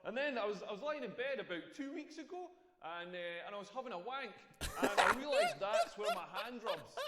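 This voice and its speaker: A man's voice: very high voice, wildly swooping pitch, fairly quick, heavy background noise. A young Scottish man doing a stand-up comedy set on a club stage, telling self-mocking stories in a chatty way. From Scotland. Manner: conversational, self-mocking storytelling. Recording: roomy club with long reverb.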